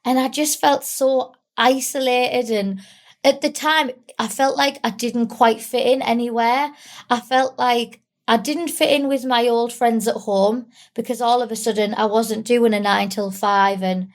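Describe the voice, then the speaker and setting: A young woman from England, tearful, talking candidly and haltingly with small giggles in an interview. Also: fairly high pitch, steady tone. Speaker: guest. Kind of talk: emotional interview.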